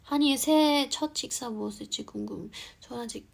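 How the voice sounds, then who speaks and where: Very fast-talking young woman streamer. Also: a little high, creaky. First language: English. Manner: chatty, reads viewer comments aloud and answers them. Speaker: live-stream host. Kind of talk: casual live-stream chat. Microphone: phone.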